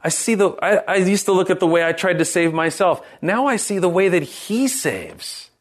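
A man's voice: high-pitched, normal speed. Earnest man preaching a sermon. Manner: earnest, animated preaching with frequent restarts and rhetorical questions. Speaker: pastor.

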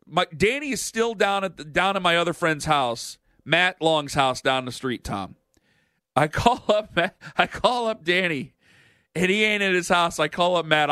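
A man hosting a sports radio show, telling a story in an animated, jokey way. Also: high voice, no room sound, clean studio sound. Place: radio studio.

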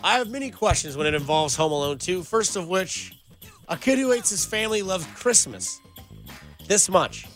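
Bright-voiced, energetic sports radio host. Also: male voice, high voice, normal speed, faint music behind. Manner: energetic, joking, riffing. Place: radio studio.

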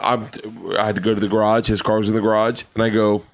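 A middle-aged man, a tipsy comedian, telling loud, animated stories on a late-night podcast backstage at a comedy club, laughing and talking over the others. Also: lowish voice, quick pace, a little hiss or hum.

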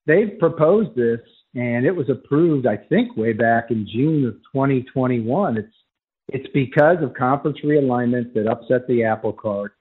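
A man's voice: mid-range voice, slightly rough. A man calling in as a college football writer, giving emphatic, argumentative analysis on sports radio over a phone line.

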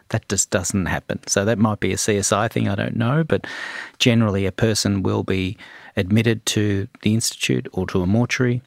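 A middle-aged man, a forensic toxicologist answering interview questions in a measured way, with frequent ums and restarts. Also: fairly low pitch, steady tone, vocal fry, dry recording, studio quality.

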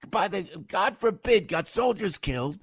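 A middle-aged man, a stage comedian, delivering a heated political rant, indignant and repeating himself, his voice leaping up and getting loud when riled. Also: sits high, animated, unhurried, breathy edge, no echo. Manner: repeats phrases, restarts sentences.

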